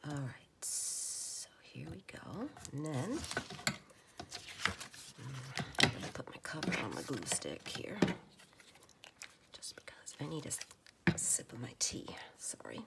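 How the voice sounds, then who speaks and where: A woman chatting casually at her home craft table, rambling and often dropping into a soft whisper. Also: deep voice, wildly swooping pitch, a little slow, gravelly, long pauses. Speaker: crafter making journal ephemera.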